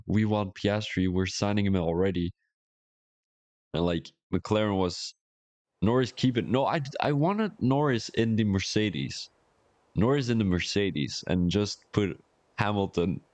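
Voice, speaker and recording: Give me a low-pitched man giving chatty, joking live-stream race commentary. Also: darkish tone, dry recording. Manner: rambling, joking, chatty asides. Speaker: sim racing league commentator.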